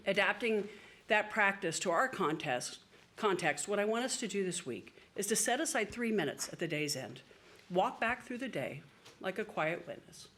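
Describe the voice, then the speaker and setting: A woman priest delivering a sermon in an easygoing, conversational way. Her voice sits at a middle pitch, and she drops in the odd filler as she talks. A faint hum of noise sits behind her. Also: expressive, moderate pace, fairly bright tone. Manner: conversational preaching with occasional fillers.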